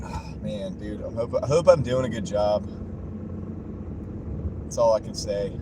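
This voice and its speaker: A man's voice: on the low side, unhurried. A man live-streaming from his car while he drives, chuckling often as he reads and answers viewer comments. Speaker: livestreaming delivery driver. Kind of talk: casual live-stream chat. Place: inside a car while driving. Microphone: wireless clip-on mini mic. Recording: road noise from the moving car.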